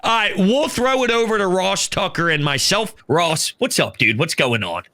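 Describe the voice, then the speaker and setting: A man with a Philadelphia accent hosts a sports talk show, hyped and emphatic as he breaks down the big game. His voice sits high and swings widely in pitch. The tone is sharp and very bright. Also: animated, moderate pace. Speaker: podcast host.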